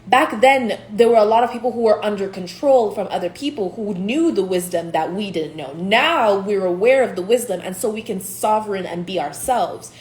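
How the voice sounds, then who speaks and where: A young woman from Nigeria talks through a casual spiritual reading, blunt and profane, breaking into laughs often. Her mid-pitched voice bounces around a roomy, echoing space. A faint hiss sits under the recording. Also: animated, normal speed, few pauses, a little mellow. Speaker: tarot reader. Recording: echoey room, faint hiss.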